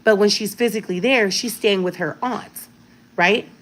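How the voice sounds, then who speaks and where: A woman's voice: mid-range voice, normal speed, fairly bright tone. A woman in her thirties talking casually to her viewers, telling a personal story with emphatic repetition and frequent "right?" check-ins. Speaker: vlogger.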